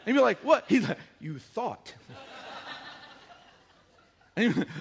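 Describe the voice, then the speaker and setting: A man's voice: sits high, very animated, unhurried, vocal fry, slightly rough. A middle-aged male pastor preaching a casual, joking sermon and acting out quotes from the story.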